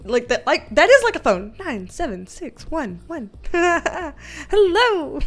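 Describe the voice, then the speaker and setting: A high-pitched young woman chats slowly and easily on a livestream, reading out comments, laughing a lot and cursing casually. Her greetings jump up in bright excitement. Faint music plays quietly behind her. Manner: giggly, chatty, swears freely, greets viewers with bursts of high excitement. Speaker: livestream host, tarot reader.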